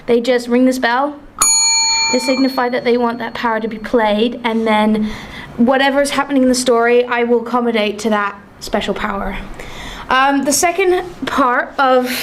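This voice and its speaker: A woman leads a tabletop role-playing game as game master, setting scenes and describing the action. Her voice sits fairly high. She tells the story in a lively, chatty way, with the odd filler along the way. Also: slight background noise.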